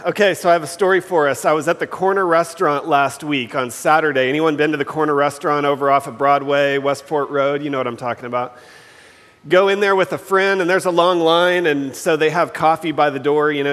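A man's voice: a little high, fairly bright tone. A man preaching, telling a story in a conversational way and speaking straight to the congregation. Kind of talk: sermon with a story. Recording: long hall reverb.

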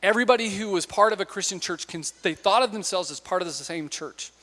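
High-voiced male preacher in an echoey hall. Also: fast, bright, forceful tone. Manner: conversational storytelling preacher, asks the audience questions. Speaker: pastor. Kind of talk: sermon. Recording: long hall reverb.

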